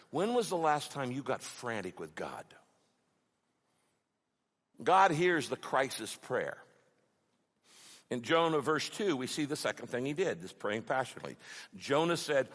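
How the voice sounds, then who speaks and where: A middle-aged man preaching a sermon, passionate and emphatic, building to loud peaks. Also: on the high side. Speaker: pastor. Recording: long hall reverb.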